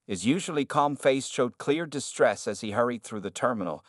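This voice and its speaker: A man with a middle-pitched voice narrates a scripted drama steadily and evenly. The recording is close and very dry, with no room sound and no echo.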